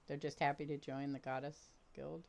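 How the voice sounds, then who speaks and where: A woman's voice: deep voice, little pitch movement, moderate pace, gravelly. An older woman casually chatting and laughing while streaming a game with her daughter. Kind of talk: casual gameplay chat.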